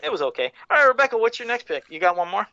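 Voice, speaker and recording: A high, bright-voiced man hosting a casual podcast, blunt and quick to put himself down. His voice is dry and close, with a slightly dull, muffled sound. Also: animated, dry recording. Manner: blunt, self-deprecating, swears casually. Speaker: podcast host. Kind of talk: casual chat.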